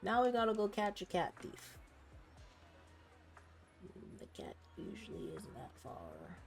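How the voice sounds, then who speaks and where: A woman's voice: medium pitch, wildly swooping pitch, measured pace, gravelly, faint music behind. Playful woman streaming a video game. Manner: playful, chatty, reads game dialogue aloud. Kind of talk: casual game commentary.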